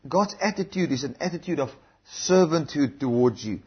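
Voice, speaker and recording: A man's voice: on the high side, lively intonation, moderate pace, slightly rough, dull audio. A man preaching a sermon in an earnest, repetitive way, calling out hallelujahs.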